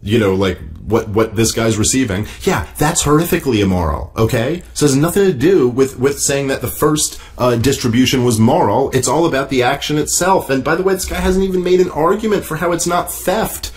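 A man's voice: medium pitch, expressive, fairly quick, few pauses. Male podcast host, solo commentary; swears freely, exasperated and mocking while rebutting a text.

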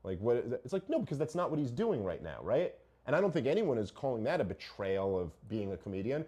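A man's voice: medium pitch, very animated, fast talker, mellow. A middle-aged man hosting a podcast, arguing his point in casual, profane chat full of rhetorical questions. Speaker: podcast host.

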